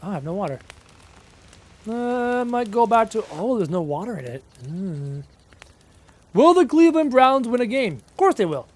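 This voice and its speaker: A man in his late twenties with a high, light voice, talking casually to his chat during a gaming live stream. He answers their questions aloud and cracks self-mocking jokes. His voice is wearing out from hours of talking. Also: sing-song, moderate pace, pauses often. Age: late 20s.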